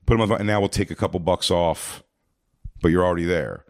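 Deep-voiced man, rambling profane storytelling, casual chat, dry close sound. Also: fast talker, dry recording. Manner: rambling, profane, many fillers and restarts.

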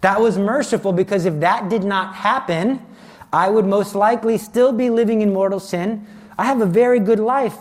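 Man, somewhat high voice, Catholic speaker, personal testimony, earnest dramatic storytelling. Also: normal speed.

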